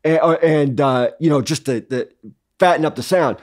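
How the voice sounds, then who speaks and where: A man's voice: a little high, normal speed. A man co-hosting a podcast, telling a long rambling anecdote in casual chat and acting out the dialogue he quotes. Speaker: podcast co-host.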